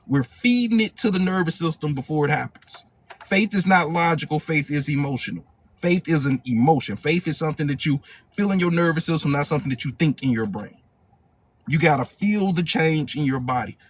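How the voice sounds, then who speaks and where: A man's voice: a little high, animated, brisk, husky. A male hypnotherapy coach leading a live motivational training, emphatic and repetitive, in casual slang.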